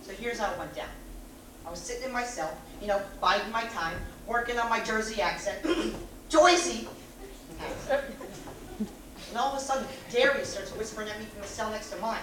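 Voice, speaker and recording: A gleeful, joking cannibal convict, played by a woman who cackles at her own dark quips. The voice sits mid-range and is caught from far off on a stage. The recording is very echoey, with clear room noise behind it. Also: mid-range voice, fairly quick, lightly acted. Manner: wisecracking, cackles at own jokes. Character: joking cannibal death-row prisoner. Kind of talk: stage play acting.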